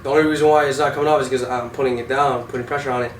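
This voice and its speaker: A man's voice: mid-range voice, steady tone, very fast. A young man, an Army vehicle driver, telling war stories casually with heavy swearing, in an echoey room. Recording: echoey room, distant mic, faint noise.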